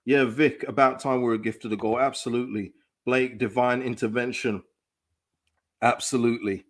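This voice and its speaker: Excitable man hosting a football watchalong. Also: mid-range voice, normal speed. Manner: excitable, reads out chat comments, laughs often. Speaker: live-stream football watchalong host. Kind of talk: casual live reaction chat.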